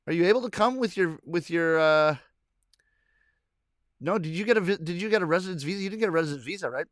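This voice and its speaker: A middle-aged man from Canada talks loosely with his online audience, trailing off, restarting and chuckling between thoughts. His voice sits a bit high for a man and is caught close and dry, with no room around it. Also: dry recording. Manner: rambling, self-correcting, chuckling. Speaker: comedian hosting a weekly live stream. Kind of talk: casual chat reading viewer comments.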